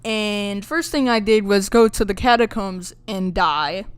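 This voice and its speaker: A woman's voice: medium pitch, unhurried, clean tone, no room sound. A woman rambling through a casual game recap, blunt and mocking, laughing between remarks, with a playful put-on country twang. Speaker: gaming channel host.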